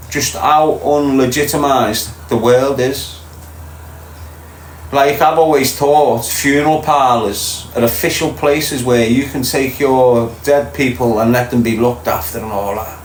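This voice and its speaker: A man's voice: fairly high pitch, slight background noise. Echoey Liverpool man chatting live. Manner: blunt, swearing, chatty with viewers. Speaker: livestream host. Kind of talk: casual live chat reading comments. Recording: echoey room, faint ambience.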